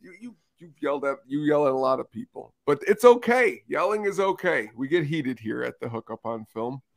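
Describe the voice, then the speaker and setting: A man's voice: mid-range voice, animated, a little fast, vocal fry. Chatty male podcast co-host. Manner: chatty, rambling, easygoing. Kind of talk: casual chat.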